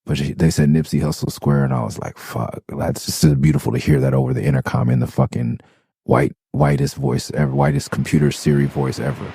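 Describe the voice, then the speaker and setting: Man, middle-aged, from Los Angeles, podcast host, very deep voice, gravelly, mellow tone, profane casual storytelling. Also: animated, a little fast, no echo. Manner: loose, profane, rambling with restarts.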